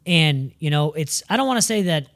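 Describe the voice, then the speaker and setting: A man from New England co-hosting an off-road show, telling a story in a lively, casual way, swearing freely and acting out the other people in it. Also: fairly high pitch, brisk, gravelly, no echo. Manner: animated, swears freely, acts out quoted voices. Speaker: co-host.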